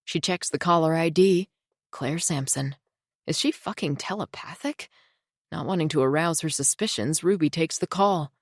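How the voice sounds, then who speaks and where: A woman reading a thriller audiobook in a tense, measured storytelling voice. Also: sits low, dry recording, clean studio sound. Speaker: audiobook narrator. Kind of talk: scripted thriller narration.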